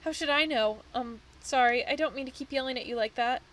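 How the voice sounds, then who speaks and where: A woman voices a tree-bound dryad whose mind is clouded by rage. She speaks higher and louder than her usual voice, lashing out and then apologizing in the same breath, in the erratic manner of a game figure. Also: fairly quick, rough recording. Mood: confused. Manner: swings between hostility and apology. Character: rage-addled female dryad, tree spirit, erratic and snappish. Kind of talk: reading game dialogue aloud.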